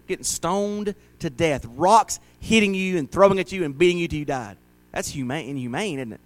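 A male pastor preaching a folksy, conversational sermon in a church, often rising to loud, dramatic shouts as he acts out a crowd. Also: a little high, animated, a little fast, hardly any pauses, no room sound.

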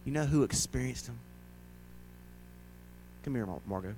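A male pastor preaching a folksy, conversational sermon in a church, often rising to loud, dramatic shouts as he acts out a crowd. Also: medium pitch, lively intonation, normal speed, slight background noise.

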